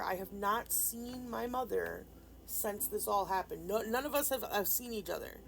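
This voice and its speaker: A woman's voice: mid-range voice, animated, normal speed, gravelly, over music, rough recording. A woman vlogger casually telling a rambling personal story, full of fillers and restarts. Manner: subdued and grieving in later part. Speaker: nail art vlogger.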